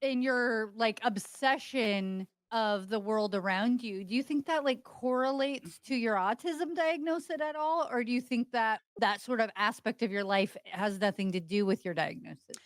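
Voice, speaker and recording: A woman's voice: fairly high pitch, moderate pace, hardly any pauses, dry recording. A woman producer on a podcast, asking curious, thoughtful questions in casual chat.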